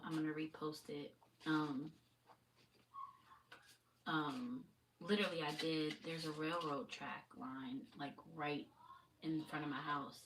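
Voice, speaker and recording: A woman's voice: sits low, a bit bright. A woman who gives spiritual readings, chatting loosely on a live stream, rambling and swearing casually. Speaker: spiritual reader on a livestream. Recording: distant mic with faint noise.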